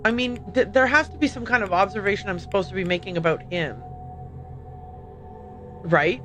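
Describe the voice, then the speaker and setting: A woman's voice: medium pitch, moderate pace, a bit bright, faint music behind. A woman hosting a livestream, chatting casually and rambling as she plays a game, often stopping to correct herself. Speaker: livestream host playing a game. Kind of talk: casual gameplay commentary.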